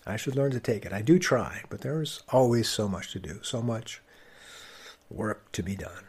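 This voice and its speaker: A man's voice: moderate pace, slightly rough. A man hosting a podcast, telling a personal story in a wry, conversational way, with sudden emphatic rises and drops. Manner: wry, conversational, with emphatic swings in pitch and loudness. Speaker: podcast host.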